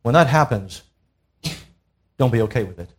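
A man's voice: mid-range voice, expressive, moderate pace, husky. A man preaching a sermon to a church congregation, emphatic, pressing his listeners with rhetorical questions. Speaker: pastor. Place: church service.

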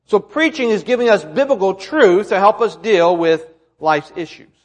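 Male pastor, conversational sermon, rhetorical questions, high pitch, reverberant hall. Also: expressive, normal speed, dull audio.

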